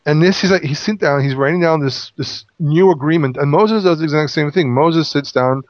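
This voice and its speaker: Male Bible teacher, slightly high voice, casual explanatory study chat, dry close lo-fi sound. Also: a little fast, no room sound. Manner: explanatory, with frequent restarts and fillers. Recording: dull lo-fi audio.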